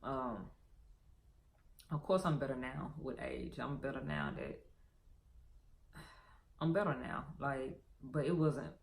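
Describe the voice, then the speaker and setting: A man records an emotional personal vlog, rambling and cursing freely as he opens up. His voice carries a rough, gravelly fry. The recording has a steady hiss of background noise. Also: mid-range voice, slow pace, long pauses, rough recording. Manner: rambling, profane, candid. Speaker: vlogger.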